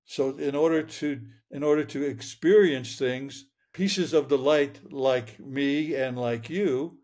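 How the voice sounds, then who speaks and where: A man's voice: medium pitch, a little mellow. An older man in his eighties speaks as a guest in an interview, telling his own story. He is earnest and reflective, circles back to restart his phrases, and chuckles now and then. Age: 80s.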